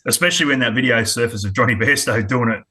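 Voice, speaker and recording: A man's voice: medium pitch, fast talker, pushed and bright, breathy edge. A middle-aged Australian man, a former cricketer, talking bluntly and candidly in a casual interview, often restarting his sentences. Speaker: former cricketer and coach, guest.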